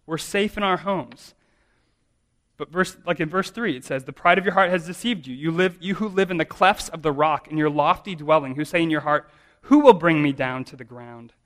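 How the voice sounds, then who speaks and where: A man's voice: fairly high pitch, fairly quick, fairly bright tone. Conversational man preaching a sermon. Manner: conversational, self-deprecating, many restarts. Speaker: pastor.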